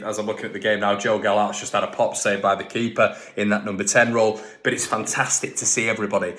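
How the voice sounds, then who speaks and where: Man, fan channel host, casual football chat, emphatic, repeats and restarts a lot, lowish voice. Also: a bit bright. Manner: chatty, emphatic, repeats himself, many restarts.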